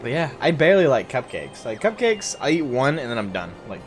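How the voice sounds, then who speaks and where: A man's voice: medium pitch, big pitch swings, a little fast, faint music behind. A man streaming a game live, chatting casually and rambling to his viewers.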